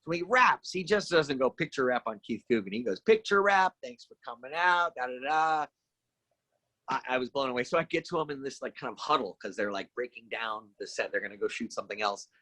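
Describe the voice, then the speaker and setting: A middle-aged man, a guest actor, telling anecdotes in a casual podcast chat and acting out the lines of the people in them with lively energy. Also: mid-range voice, quick pace, few pauses, no echo. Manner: animated anecdotes with lively acted-out quotes.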